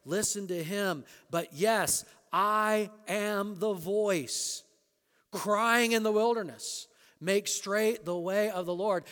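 High-voiced man preaching in a reverberant hall. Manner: preaching, rising to emphatic quotes, dropping to quiet asides. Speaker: pastor. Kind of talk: sermon.

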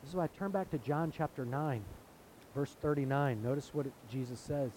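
A man's voice: medium pitch, fairly quick, a little mellow, a little hiss or hum, rough recording. A man preaching a sermon in an earnest way, now and then acting out the voices of people in the story. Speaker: pastor.

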